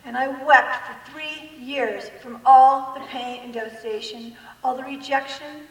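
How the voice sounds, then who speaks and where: A guest speaker, a woman with a high voice, gives her personal testimony with jokes in a large church hall before an audience. She's unhurried yet animated, pokes fun at herself, and acts out quotes; the recording is echoey and distant, with a faint crowd audible.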